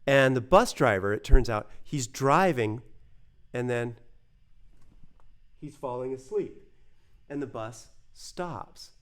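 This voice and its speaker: A man from the United States telling a personal story in a casual, animated way, acting out the voices he quotes. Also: mid-range voice, slow, pauses often, clean tone. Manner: animated, acts out quoted voices, many fillers.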